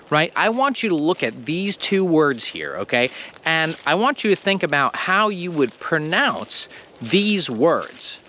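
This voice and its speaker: A man with an American accent teaching English pronunciation in a video lesson, slow and emphatic, stressing the ends of words. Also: fairly high pitch, bright, forceful tone, a little hiss or hum.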